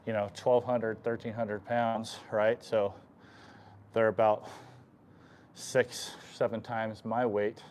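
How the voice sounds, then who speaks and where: A man working as an equine chiropractor, explaining stretches on a live stream while softly soothing the horse and often clearing his throat. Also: fairly low pitch, little pitch movement, slow pace, a little hiss or hum. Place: horse stall in a stable.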